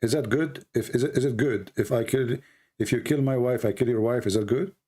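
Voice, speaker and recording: A man's voice: medium pitch, brisk, warm tone. A man who is losing his voice, hosting a call-in debate, pressing the caller and repeating his questions. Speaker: debate host.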